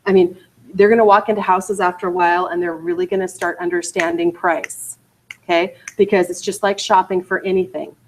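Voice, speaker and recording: A woman leading a real estate training class, emphatic and energetic, often checking in with "okay" and "you guys". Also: on the low side, poor audio. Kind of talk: training lecture to agents. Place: training room.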